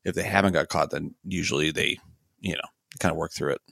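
A man's voice: extremely low pitch, steady tone, creaky, a bit bright, no room sound, studio quality. A man co-hosting a podcast in casual chat, sweary and laughing as he tells stories. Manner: laughing, sweary, quick quips. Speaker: podcast co-host.

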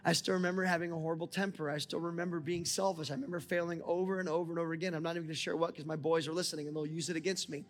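A pastor in his forties preaches with fervor and his voice sits on the higher side. He climbs into near-shouted prayers, and the long reverb of a large church hall rings around him with soft music underneath. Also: level tone, racing, few pauses. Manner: impassioned, rising to near-shouts, talks to God aloud. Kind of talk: sermon. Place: church auditorium.

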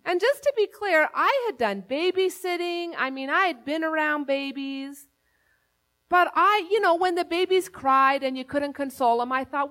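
A woman pastor delivers a sermon with a bright, high voice. She speaks in a conversational, earnest way, weaving a personal story into her preaching. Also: normal speed.

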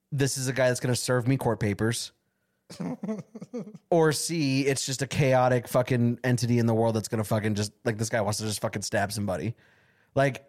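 A man hosting a podcast, chatting in an animated, joking way and swearing freely. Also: mid-range voice. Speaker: podcast host. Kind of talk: casual chat.

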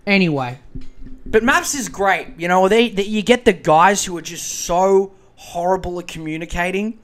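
A man's voice: high voice, moderate pace. An Australian man hosting a podcast in a profane, rambling comedic rant. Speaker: podcast host.

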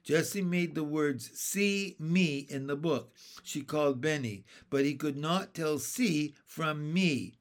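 A man reading a children's book aloud as narrator, slow and careful. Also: on the high side, steady tone.

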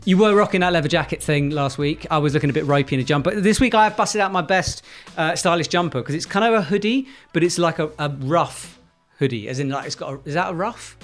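A man's voice: on the high side, fast. Jokey guy co-hosting a chatty channel update, rambles a bit, faint music under it. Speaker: co-host. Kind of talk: casual chat.

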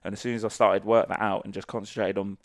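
A man with a low, gravelly voice recounts old training stories in a loose, profane, storytelling way. He is recorded close and dry, with no room sound. The interview is casual. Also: little pitch movement, fast talker, dry recording. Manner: salty, sweary anecdotal storytelling. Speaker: guest, former army sniper.

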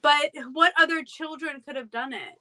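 Young woman cohost, high bright voice, animated storyteller, chatty. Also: normal speed. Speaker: podcast co-host. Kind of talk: casual chat.

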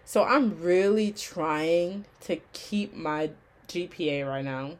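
A woman with a slightly low voice tells a story to her viewers in an easy, chatty way. She is lively and talks in slang, circling back to repeat her words as the story builds. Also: slow. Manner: animated, repeats phrases, slangy and conversational. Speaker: vlogger and online college student. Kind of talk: casual storytelling to camera.

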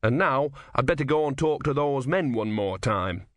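A man voicing an earnest young male peacemaker who speaks gently and pleads. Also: medium pitch, expressive, moderate pace, no echo, close to an everyday voice.

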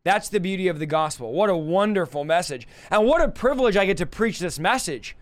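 A man's voice: high-pitched, lively intonation, fairly quick, no echo. A man preaching a sermon with an impassioned, repetitive cadence.

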